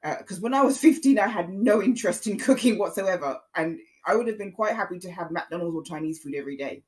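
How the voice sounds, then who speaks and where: A woman hosts a podcast with a casual opinion monologue, speaking fast in a low-ish, slightly mellow voice over poor audio. She's earnest, repeats her points, and pleads with her listeners.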